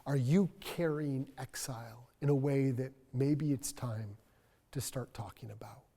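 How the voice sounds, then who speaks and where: A male pastor preaching a sermon in a church, earnest and reflective, dropping to a soft voice for emphasis. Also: mid-range voice, unhurried, gravelly, big-room sound. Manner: earnest, reflective, soft-spoken at key points. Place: church sanctuary.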